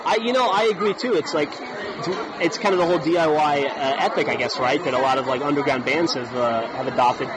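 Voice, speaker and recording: A man's voice: on the high side, fairly quick, a crowd in the background, rough recording. A man as an interview guest, rambling and hesitant, with many fillers. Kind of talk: casual interview chat.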